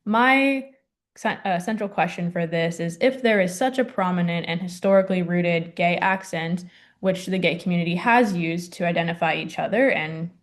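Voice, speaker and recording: A young adult woman presenting a class project, hesitant and full of ums and likes. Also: lowish voice. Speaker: student presenter.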